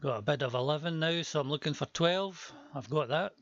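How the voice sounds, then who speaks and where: Male auctioneer, chatty, worn voice, fairly high pitch, dry close sound. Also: a little fast, fairly bright tone, dry recording, highs cut off. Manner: chatty, joking asides between bids. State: voice worn from a long day before. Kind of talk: live auction calling.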